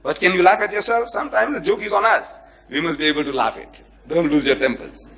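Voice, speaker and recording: His voice sits high and he talks fairly quickly. Lecturing on comparative religion before a live audience, he performs the characters in his anecdotes with animation and both kids around with and reprimands the people listening.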